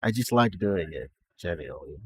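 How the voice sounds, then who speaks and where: With a deep, husky voice at normal speed, a young Nigerian man chats animatedly on a live stream. He fakes a generic American-Canadian accent and laughs at himself between remarks. The recording is dry.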